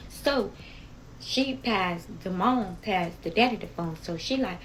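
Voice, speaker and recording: A woman's voice: medium pitch, measured pace, slight background noise, low-quality recording. A young woman telling a dramatic personal story in a casual vlog, emotional and repetitive, speaking straight to her viewers.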